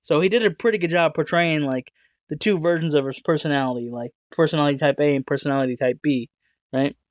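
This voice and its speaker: A man's voice: fairly high pitch, fast, no echo. A man hosting a movie podcast, talking casually in a rambling, self-correcting, jokey way. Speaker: podcast host. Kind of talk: casual solo podcast talk with read ads.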